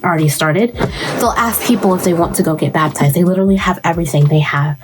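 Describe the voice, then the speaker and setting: A woman's voice: lowish voice, fast talker, background noise. A woman in her thirties chatting casually while doing her makeup, telling a story and jumping into quoted voices as she goes. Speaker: beauty vlogger. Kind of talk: casual get-ready-with-me chat.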